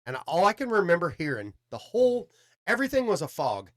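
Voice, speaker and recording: A high-pitched man talks a little fast as a guest storyteller on a podcast. His long, casual story is peppered with swearing, and he animates it by acting out what people said.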